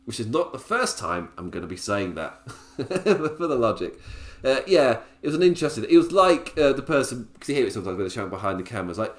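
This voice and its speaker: A man's voice: medium pitch, very animated, a little fast, echoey room. A man hosting a podcast, recapping in a chatty, casual way with frequent laughs. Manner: chatty, laughs often, restarts sentences. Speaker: podcast host.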